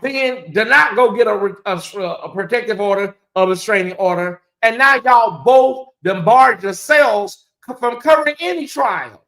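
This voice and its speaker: A livestream host giving live gossip commentary in a blunt, profane, animated way, with big swings in pitch. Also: moderate pace, few pauses.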